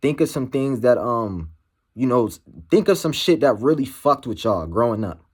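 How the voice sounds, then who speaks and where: A man speaking candidly to camera as a motivational vlogger, halting and slangy, full of "you know" fillers. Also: mid-range voice, animated, breathy edge. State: emotional, shaken. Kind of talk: candid personal monologue to camera.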